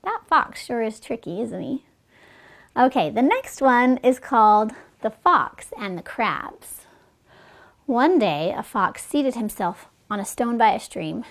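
Woman storyteller, children's fables read aloud, gentle asides, fairly high voice, vocal fry. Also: animated, measured pace. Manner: gentle, chatty asides to listeners.

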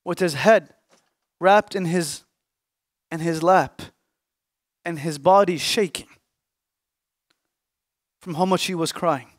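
Young male preacher, high voice, dry close recording, emphatic sermon that drops into hushed pauses. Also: dry recording. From Canada. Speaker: Islamic scholar. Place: mosque or lecture hall.

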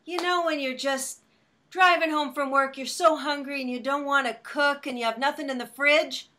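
A woman hosting an interview, asking questions and encouraging her guest with quick affirmations. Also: high voice, fairly even intonation, sharp tone, recorded from a distance. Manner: encouraging, frequent short affirmations. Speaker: host. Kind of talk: casual interview chat.

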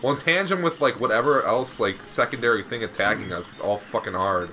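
A man's voice: on the low side, brisk, pushed and bright, slight background noise. A young man hosting a co-op let's play, joking, laughing and swearing through casual gaming commentary. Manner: profane, laughing, teasing banter.

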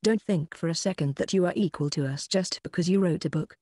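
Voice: medium pitch, fairly quick, dark tone, no room sound, clean studio sound, natural voice. An audiobook narrator voicing an arrogant boy wizard, a scornful bully. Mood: sneering.

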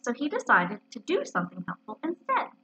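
Woman reading a children's book aloud, lively, bright and breathy, muffled recording. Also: a little high, fairly quick. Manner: expressive, storytelling. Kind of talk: children's story read-aloud.

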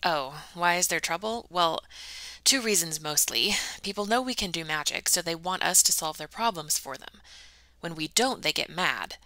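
A stout, scolding older woman from a storybook, brusque and matter-of-fact, as a woman reads her lines. The voice is a little low, bright and crisp, with no echo. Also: animated, moderate pace. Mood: brisk.

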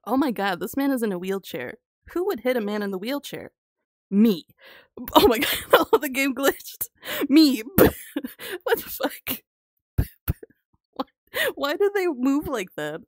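A woman streaming a game live, commenting casually, excitable, laughing often and swearing freely. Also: high-pitched, moderate pace, dry recording, studio quality.

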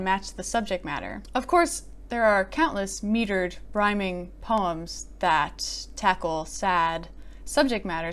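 A woman giving a casual poetry critique, chatty and amused, often filling pauses with "like.". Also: mid-range voice. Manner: chatty, frequent "like" fillers, amused. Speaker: poet and video host.

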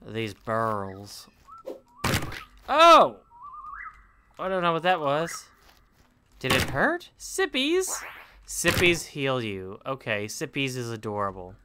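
A man playing through a game while commenting, chatty and excitable, yelping and laughing when things surprise him. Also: medium pitch, background noise. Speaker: gamer. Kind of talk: let's play commentary.

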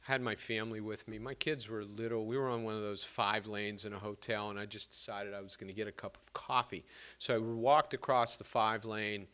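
A male poet giving a public reading of his work, measured and expressive, with casual asides between pieces. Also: lowish voice, smooth. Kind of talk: literary reading to an audience.

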